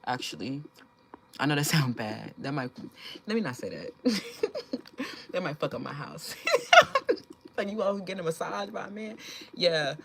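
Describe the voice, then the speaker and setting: A woman's voice: low voice, slight background noise, low-quality recording. A young woman hosting a casual livestream, chatting with viewers in a blunt, profane, joking way and laughing often. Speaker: livestream host.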